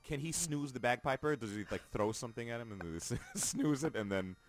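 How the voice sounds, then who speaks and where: A man's voice: mid-range voice, expressive, normal speed. A man co-hosting a morning TV show, chatting in an easygoing way with chuckles and restarts. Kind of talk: casual morning show banter. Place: TV studio.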